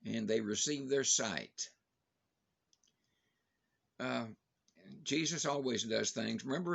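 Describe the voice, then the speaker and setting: An older man with a gravelly, somewhat husky voice gives a daily Bible devotion. He talks plainly and conversationally, stopping to restart phrases and add small fillers, in a mid-range pitch. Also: a bit bright. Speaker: preacher giving a daily devotion.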